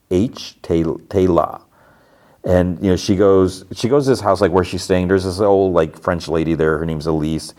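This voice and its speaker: A man's voice: sits low, a little mellow. A man hosting a podcast, casually retelling TV episodes in a rambling way, full of fillers. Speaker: podcast host.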